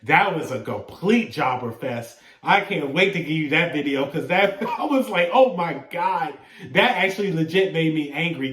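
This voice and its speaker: A man's voice: on the high side, fairly bright tone, distant mic. A man giving a casual review of a wrestling show, rambling with lots of filler "uh"s and laughing often between phrases. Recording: roomy echo, set back from the mic.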